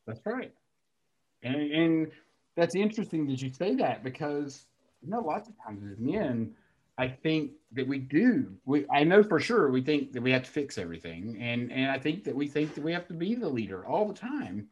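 A man's voice: a little high, very animated, moderate pace, darkish tone, husky, highs cut off. A man hosting a casual podcast conversation, speaking in an earnest, reflective way. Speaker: podcast host.

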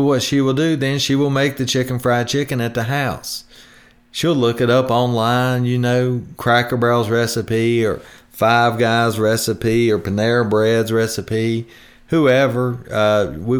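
A man hosting a retirement planning show in a chatty, homespun way, rambling with restarts. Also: fairly low pitch. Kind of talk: folksy radio talk.

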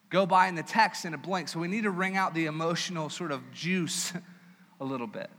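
A pastor delivers a sermon in a conversational, joking, animated way, his voice high-pitched. He's in a church hall where the sound carries a long reverb.

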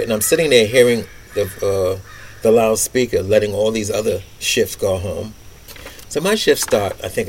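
A man, casually telling stories from his younger years in a lively, colloquial, wry way, often repeating himself. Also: fairly low pitch, a little hiss or hum. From New York City. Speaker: podcast host. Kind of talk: casual storytelling monologue.

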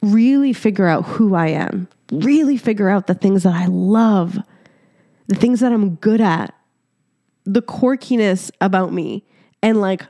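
Animated laughing woman podcast host. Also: mid-range voice, no echo, studio quality. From Egypt. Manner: animated storytelling, laughing often, casual swearing; talks directly to listeners as "your girl". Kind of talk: solo podcast monologue.

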